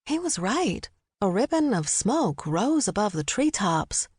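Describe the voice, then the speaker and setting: A woman narrating a cozy mystery audiobook in a measured, descriptive way. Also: medium pitch, very animated, darkish tone, slightly rough, no room sound. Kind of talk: scripted narration. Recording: dry studio close mic.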